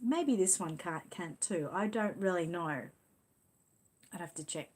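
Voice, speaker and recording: A middle-aged Australian woman hosts a livestream, her low-ish voice unhurried with lively intonation. She chats casually and rambles, cooing affectionately as she reads viewer comments.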